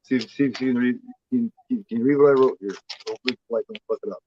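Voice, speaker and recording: A man's voice: mid-range voice, fast, a little mellow, muffled recording, a little hiss or hum. A man co-hosting a horror movie chat show, rambling and swearing freely in casual talk. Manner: rambling, swears freely, voices the cat in a playful drawl.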